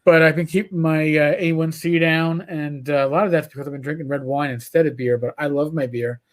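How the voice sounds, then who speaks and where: A man's voice: a little high, fairly quick. A man with a New York accent, co-hosting a casual livestreamed podcast. He talks in a profane, rambling way, telling stories as he goes. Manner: profane, rambling, animated storyteller. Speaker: podcast co-host.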